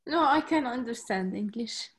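A woman's voice: fairly high pitch, expressive, normal speed. A woman from Jordan joining a live stream as an audience caller, speaking hesitantly and politely. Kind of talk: casual call-in chat.

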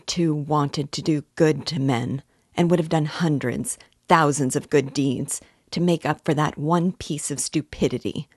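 A woman's voice: low-pitched, husky, no echo, clean studio sound, exaggerated voice. A woman reading the lines of a tormented, proud young man in a novel, brooding and at times furious. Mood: frantic. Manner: brooding, bursts into fury.

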